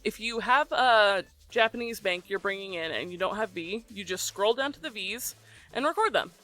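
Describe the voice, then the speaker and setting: A voicebank creator talking through a recording tutorial in a relaxed, chatty way, often pausing with ums. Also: mid-range voice, dry recording. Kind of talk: casual tutorial explanation.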